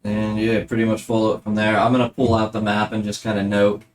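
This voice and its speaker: A man's voice: fairly low pitch, fast. Casual male game master narrating. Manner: relaxed, rambling narration with fillers.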